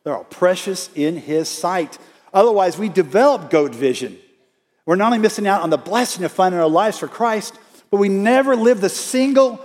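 A middle-aged pastor preaches in a church sanctuary, his voice a little high with a darkish tone. He is emphatic yet conversational, asking many rhetorical questions, and the large hall lends a long reverb.

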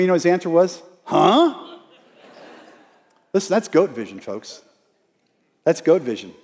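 A man's voice: on the high side, a little mellow. A middle-aged man preaching a sermon in a church, emphatic and conversational, with many rhetorical questions. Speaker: pastor. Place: church sanctuary. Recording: long reverb of a large hall.

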